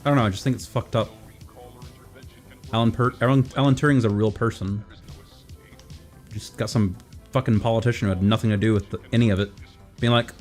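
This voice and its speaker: A man's voice: on the low side, steady tone, a little fast, long pauses, a little mellow, soft background music. A man streaming a co-op game who jokes and teases his friend, laughing often. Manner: joking, teasing, laughs often. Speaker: co-op gaming streamer. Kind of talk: casual banter over gameplay.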